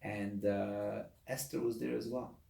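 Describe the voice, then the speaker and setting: A rabbi leading a lesson in a room with a lot of echo. His voice is mid-pitched with a gravelly edge. He talks in an animated way and acts out the voices of people in his examples. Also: unhurried. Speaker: rabbi teaching a class. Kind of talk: lesson to a study group.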